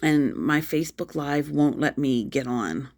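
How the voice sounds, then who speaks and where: A woman's voice: low voice, expressive, unhurried, darkish tone. A middle-aged woman venting angrily on a phone livestream, repeating herself as she pours out her hurt and frustration. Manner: upset, angry, repetitive outbursts. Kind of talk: emotional venting vlog.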